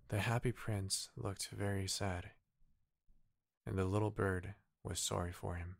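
A man reading a bedtime story aloud in a gentle, unhurried way. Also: sits low, flat delivery, vocal fry, no echo, clean studio sound.

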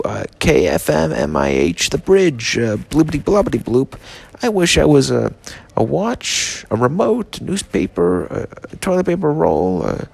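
A man's voice: mid-range voice, creaky, slightly rough, dry recording. A drunk, stoned man rambling through a comedy monologue, slurred and swearing. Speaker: comedic vlogger.

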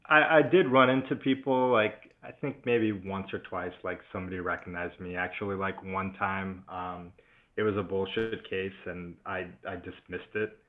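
A man with a lowish voice talks casually as a podcast co-host and slips laughs into his stories. His delivery is relaxed. The audio is dull, with a muffled top end. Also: moderate pace. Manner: relaxed, laughs often while storytelling. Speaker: podcast co-host, former prosecutor.

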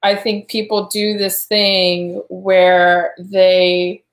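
A woman's voice: mid-range voice, flat delivery, extremely slow, soft background music. Thoughtful woman in a roomy echo. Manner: thoughtful, rambling, with fillers and restarts. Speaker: podcast co-host. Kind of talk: casual podcast chat.

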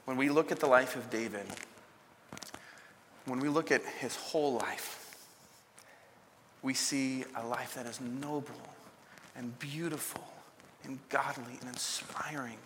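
A man delivers a sermon from the stage of a church auditorium, retelling a story and giving voice to the people in it. His tone is bright and forceful. The sound carries a long reverb with a faint hiss of noise underneath. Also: medium pitch, unhurried, pauses often. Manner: storytelling, acts out a shouting king in bursts. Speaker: preacher.

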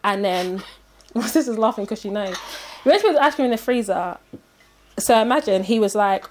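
A woman, animatedly telling a story in casual chat and acting out the people in it. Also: brisk. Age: 30s. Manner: animated, acts out quotes in high voices.

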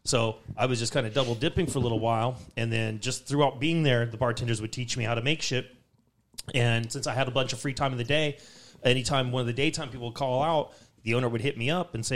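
A man's voice: medium pitch, fast talker. A man in casual chat, telling work stories with lots of swearing and acting out the people in them. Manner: profane, animated, acts out callers and bosses.

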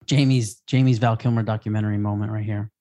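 A man's voice: fairly low pitch, steady tone, fast, mellow. A man co-hosting a podcast in casual chat, teasing and wisecracking. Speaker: podcast co-host.

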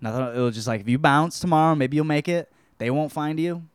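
A man's voice: a little high, a little fast, smooth, no room sound, studio quality, close to an everyday voice. A man voicing a blunt young female vampire spy who talks casually and bluntly. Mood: urging.

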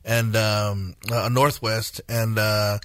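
A man in his forties, a guest minister, telling his testimony in a radio interview, earnest and halting, with many fillers and restarts. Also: on the low side, level tone, fairly bright tone, no echo, clean studio sound. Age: 40s.

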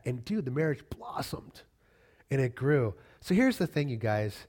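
A man's voice: medium pitch, big pitch swings, unhurried, a little mellow. A middle-aged man preaching a sermon as a pastor, conversational and emphatic, repeating key phrases and joking casually with the congregation.

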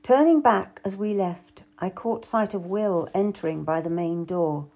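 A woman's voice: medium pitch, measured pace, mellow. A woman narrating a historical novel in the first person, reading expressively. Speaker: audiobook narrator.

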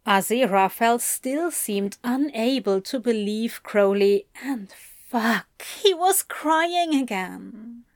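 A woman reading a story aloud in a slow, careful, intimate way. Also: a little high, expressive, dry recording, studio quality. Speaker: reader. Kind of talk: audiobook narration of fan fiction.

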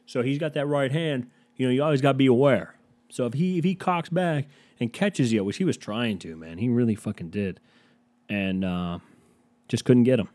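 A man's voice: mid-range voice, normal speed, darkish tone. A man hosting a casual solo podcast, rambling and sarcastic with plenty of swearing. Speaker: podcast host.

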